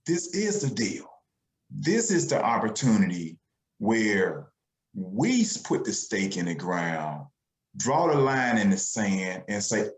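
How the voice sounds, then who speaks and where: A man's voice: lowish voice, very animated, slow pace. A man giving a fervent motivational sales talk on a conference call, stacking repeated phrases. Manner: fervent, repetitive, builds up phrases. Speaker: speaker on a business call. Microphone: conference call line. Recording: echoey call audio.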